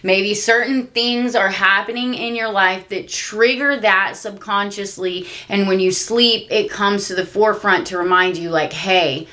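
A woman co-hosting a casual podcast, talking through the meaning of a listener's dream, halting and thoughtful with many fillers. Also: medium pitch, steady tone, pushed and bright. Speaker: podcast co-host. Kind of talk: casual chat interpreting dreams.

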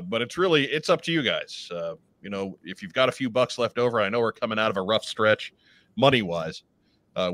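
Low-voiced host, dry close mic. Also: male voice, dry recording. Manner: relaxed, steers the show, dry joking. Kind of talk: livestream talk show hosting.

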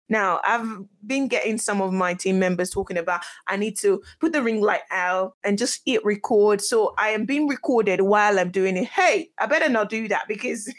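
A young woman hosting her own podcast from her kitchen at home, talking in a chatty, excitable way and often laughing. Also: mid-range voice, moderate pace. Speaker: podcast host. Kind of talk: casual solo podcast chat.

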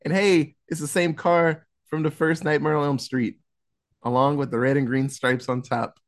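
A fairly high-voiced man co-hosting a podcast chuckles casually through a horror movie summary, wandering with fillers and restarts. His tone stays level and his pace moderate.

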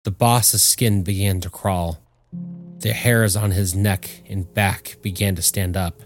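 A man narrating a story in a measured, steady audiobook style. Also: low-pitched, soft background music.

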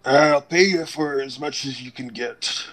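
A man's voice: mid-range voice, measured pace, a bit bright, lightly acted, poor audio. A man voicing an elderly male otter alchemist with a long white beard, speaking in a mild, plainspoken way during a tabletop game. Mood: courteous. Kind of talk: tabletop role-play voice.

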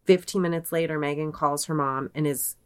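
Low-voiced woman telling a story. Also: fairly even intonation, a little fast, clean tone. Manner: retells events with many likes, quoting people in her own voice. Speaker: podcast co-host. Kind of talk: casual storytelling chat.

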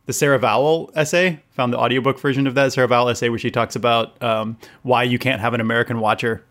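A man in casual podcast chat, his talk rambling and full of fillers. He laughs often between thoughts, at a middle pitch. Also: steady tone, quick pace, fairly bright tone. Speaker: podcast co-host.

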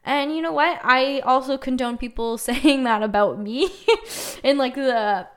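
A young woman hosts a casual podcast and tells a personal story as a loose, chatty monologue. Her voice sits a little high, and she fills her talk with "like" and dry, joking asides. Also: measured pace. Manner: chatty, lots of "like", wry jokes. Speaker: podcast host.

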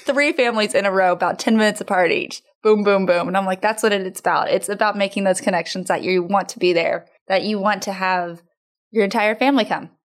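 A woman, a tea shop owner, telling lively stories in a podcast interview. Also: medium pitch, a little fast. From Texas.

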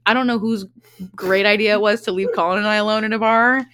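A woman's voice: mid-range voice, steady tone, quick pace, a bit bright, smooth. A young woman in her twenties hosting a podcast, telling a rambling, profane story in casual chat and laughing often. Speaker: podcast host.

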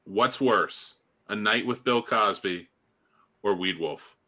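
A man's voice: on the low side, slow, bright, forceful tone. A man hosting a casual movie podcast, steering the talk with questions. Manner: moderating, asks questions. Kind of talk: casual movie review chat.

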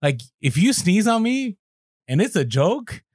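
A man co-hosting a podcast, talking casually in an animated, slangy way with many fillers. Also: high voice, unhurried, dry recording. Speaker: podcast co-host.

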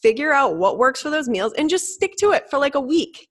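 A young woman with a fairly high voice co-hosting a podcast. She talks in a blunt, emphatic way and swears freely. The tone stays casual and conversational throughout. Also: sing-song, brisk. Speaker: podcast co-host. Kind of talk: casual chat.

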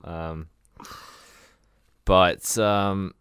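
A man's voice: deep voice, steady tone, extremely slow, a bit bright, clear, resonant tone, no echo, clean studio sound. A man co-hosting a podcast in casual, joking chat, laughing often and swearing freely. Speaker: podcast co-host.

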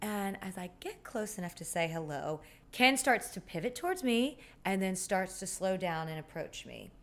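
Woman host, animated pitch swings, casual comedic storytelling. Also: normal speed. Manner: animated, sassy and self-deprecating. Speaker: podcast host.

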